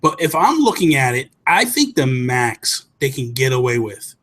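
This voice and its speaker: Man, podcast host, husky voice, excited and rambling, self-correcting storyteller. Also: medium pitch, normal speed. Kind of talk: casual chat, storytelling.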